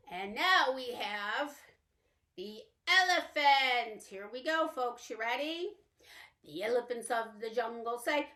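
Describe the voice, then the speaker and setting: Woman librarian, children's storytime reader, high-ish, unhurried, playful sing-song with animal sounds. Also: animated, sharp tone.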